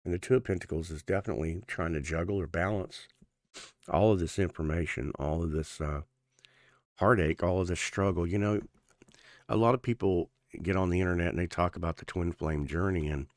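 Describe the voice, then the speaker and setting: A man's voice: sits low, a little fast, no room sound, clean studio sound. A man giving a casual tarot reading in an earnest, rambling way, with many fillers and restarts, his speech a little thick from sore gums. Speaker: tarot reader.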